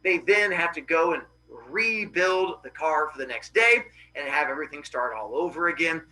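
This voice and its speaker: A man hosting a podcast, casually retelling Greek myths with animated voices for the characters. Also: on the high side, moderate pace, roomy sound, far from the mic, a little hiss or hum, poor audio. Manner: animated, acts out characters' cries. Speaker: podcast host.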